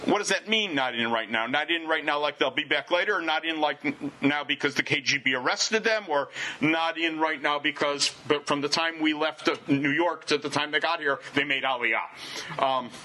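A man telling a personal travel anecdote to listeners in an animated, wry, self-deprecating way. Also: on the high side, moderate pace, slight background noise. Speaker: storyteller.

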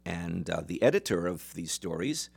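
A man lecturing as he retells a traditional folk tale in a measured way, with some fillers. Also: low voice, big pitch swings, creaky, a little mellow, breathy edge. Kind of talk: storytelling lecture.

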